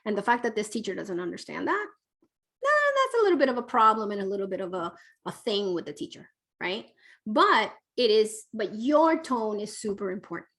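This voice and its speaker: A woman's voice: mid-range voice, very animated, fairly quick. A woman parenting expert answering viewer questions on a live online Q&A, speaking in a conversational coaching way with many fillers. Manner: warm conversational coaching, frequent fillers, reads questions aloud. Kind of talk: live online Q&A, casual advice.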